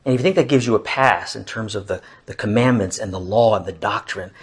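A man giving a sermon in an expressive way, often dropping to a soft hush and repeating phrases as he speaks. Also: on the low side, brisk. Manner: expressive, varies loudness, drops to soft hushed asides. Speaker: preacher.

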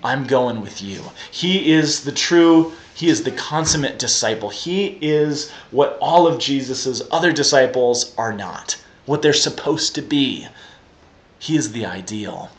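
A man preaching a sermon, telling a Bible story with lively, animated delivery and acting out the quotes. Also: medium pitch, measured pace. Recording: echoey room.

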